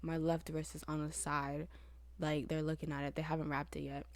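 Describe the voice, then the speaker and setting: A woman co-hosting a casual podcast, telling a rambling story in an animated way and swearing casually. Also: sits low, normal speed. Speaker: podcast co-host.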